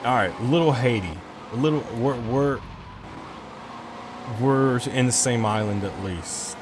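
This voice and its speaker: A man streams a game from home into a desk microphone, rambling and cursing in frustration as he plays. His voice sits at an ordinary middle pitch. Clear background noise runs under his talk. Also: unhurried. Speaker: gaming streamer. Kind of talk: casual gameplay commentary.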